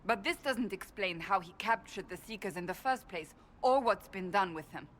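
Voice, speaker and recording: A woman voices a grim warrior woman from a fantasy game who talks in firm, clipped lines. Her voice sits at a middle pitch. A faint hum of game ambience runs underneath her. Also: animated, normal speed, fairly bright tone, natural voice. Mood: grave. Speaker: game character. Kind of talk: video game dialogue.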